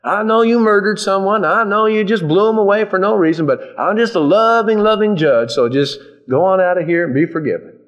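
A man voicing a soft-hearted judge who lets a murderer go, in a raised, gushing voice. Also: sits high, a little fast, dull audio, pitched above the performer's own voice, close to an everyday voice.

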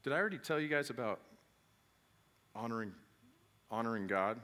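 A man preaching a casual, conversational sermon, his voice bright and forceful. He keeps turning to the congregation with questions, then jumps to loud, emphatic peaks. He sounds like a father speaking plainly to his church. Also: medium pitch, expressive, fairly quick. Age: adult father. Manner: talks directly to the congregation with questions.

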